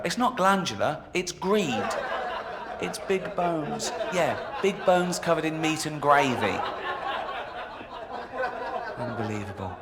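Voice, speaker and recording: A man performing a stand-up comedy routine in a comedy club, with a mocking, sarcastic delivery. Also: fairly high pitch. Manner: mocking, sarcastic, jokey put-downs. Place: comedy club in a video game.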